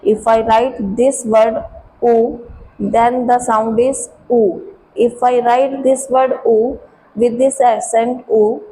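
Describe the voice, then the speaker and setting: Slow, mellow woman teaching French. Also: on the high side, fairly even intonation, slight background noise, low-quality recording. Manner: slow, careful explaining, switching into Hindi. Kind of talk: classroom lesson.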